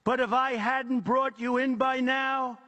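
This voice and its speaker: A man's voice: extremely high pitch, little pitch movement, measured pace, pushed and bright, voice pushed up, full character voice. A man voicing a tender-hearted woman in a read-aloud poem, crying out in pity and then dismay. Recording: long reverb of a big hall.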